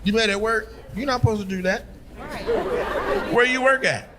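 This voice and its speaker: Loud teasing comic guy roasting the crowd, kinda high voice, audience laughing in the back. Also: moderate pace. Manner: brash, teasing, profane. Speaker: stand-up comedian. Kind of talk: crowd work. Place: comedy club stage with live audience. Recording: live show with crowd noise.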